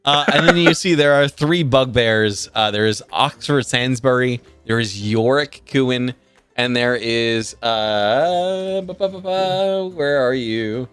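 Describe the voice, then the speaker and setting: A man's voice: mid-range voice, slow, fairly bright tone, clear, resonant tone, no echo, faint music behind. A man narrating as game master of a tabletop game, rambling with many fillers, cursing and laughing along.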